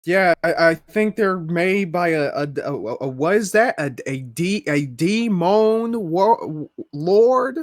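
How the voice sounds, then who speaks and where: A podcast guest joking around in casual chat, halting and stammering. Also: medium pitch, lively intonation, no room sound, studio quality.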